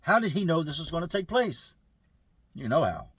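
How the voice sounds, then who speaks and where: A man telling a prison story in casual street slang, lively and full of acted quotes. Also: on the high side, normal speed, breathy edge, dry recording, clean studio sound. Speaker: storyteller recounting prison life.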